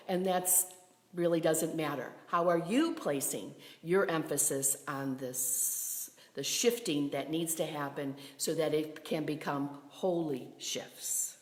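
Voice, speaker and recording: A woman minister giving a gentle, meditative sermon to a camera in a sanctuary, with some phrases dropping to a whisper. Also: low-pitched, unhurried, reverberant, long reverb tail. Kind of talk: livestreamed sermon. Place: synagogue sanctuary. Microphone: camera from a distance.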